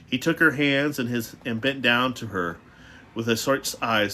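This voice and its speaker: A man's voice: mid-range voice, unhurried, bright, forceful tone. Man reading a novel aloud, stumbling. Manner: stumbling restarts. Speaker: reader.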